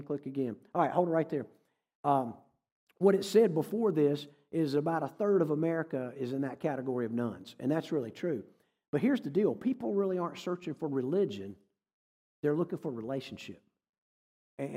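Male guest preacher, folksy storyteller, mellow, slightly high voice, long church reverb. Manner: folksy, conversational, jokes with the audience. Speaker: guest speaker. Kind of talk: sermon with storytelling. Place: church hall.

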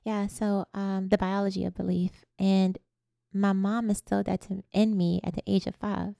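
A woman guest recounting a personal story in conversation, animated and laughing at times. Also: medium pitch, moderate pace, gravelly, dry recording, studio quality. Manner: animated, laughs while telling stories. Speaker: podcast guest.

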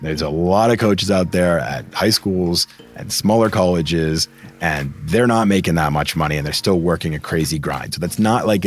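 A man from Massachusetts hosting a career advice podcast, talking emphatically and putting rhetorical questions to his listeners. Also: low voice. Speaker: podcast host.

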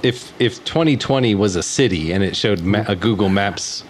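A man's voice: fairly low pitch, lively intonation, moderate pace, slight background noise. A man co-hosting a casual music podcast, joking crudely and swearing often. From Southern California. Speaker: podcast co-host. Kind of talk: casual chat.

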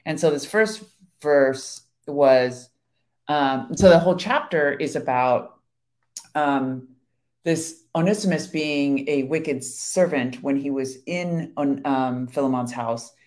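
A woman with a bass voice speaks slowly and a little mellowly as she co-hosts a Christian devotional chat with her husband. She shares her testimony earnestly and laughs often.

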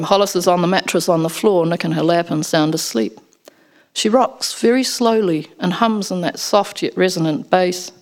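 This audiobook features a woman telling a first-person story with expressive, storyteller flair. Her voice sits fairly low.

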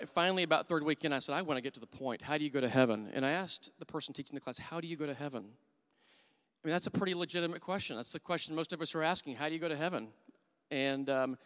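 A man's voice: medium pitch, a bit bright, smooth. A middle-aged man preaching a sermon as a church elder, telling candid and self-deprecating stories. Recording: long hall reverb.

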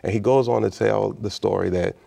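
A man's voice: lowish voice, fairly even intonation, a little fast, creaky, warm tone. A middle-aged man from Chicago, a guest in an interview, tells a personal story with animation and acts out the voices of the people in it. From Chicago, United States. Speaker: interview guest, state official.

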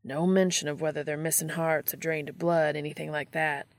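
A woman's voice: low voice, flat delivery, brisk, vocal fry, dry recording. A woman reading the part of an easygoing male hunter contact, in a breezy, offhand way.

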